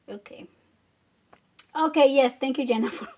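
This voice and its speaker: A woman hosting a live crafting tutorial, chatty and relaxed, talking to viewers while she works. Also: high-pitched, moderate pace, pauses often. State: a bit out of breath. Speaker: craft channel host.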